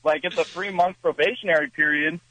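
A man's voice: fairly high pitch, steady tone, a little fast, a crowd in the background, rough recording. A man calling into a radio show, telling an amused, rambling story full of fillers. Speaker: radio caller. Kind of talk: casual phone-in anecdote.

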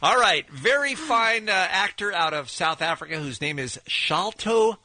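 A man hosting a morning radio show, brisk as he wraps up segments and plugs guests. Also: high voice, animated, bright, forceful tone, no room sound. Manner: brisk, plugging and wrapping up. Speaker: radio host.

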